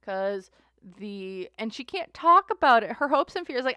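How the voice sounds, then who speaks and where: A woman's voice: on the high side, sing-song, normal speed, sharp tone, clear, resonant tone, no echo, studio quality. A woman hosting a casual tarot reading chat, talking in a rambling, chatty way. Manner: chatty, rambling, voices others in mocking asides. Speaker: tarot reader host.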